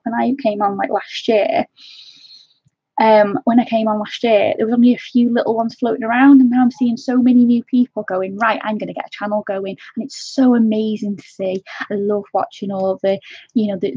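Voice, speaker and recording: A woman hosting a colouring live stream, talking to her viewers in an emotional, halting way with many restarts. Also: mid-range voice, darkish tone, breathy edge, no room sound, dull audio. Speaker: colouring channel host.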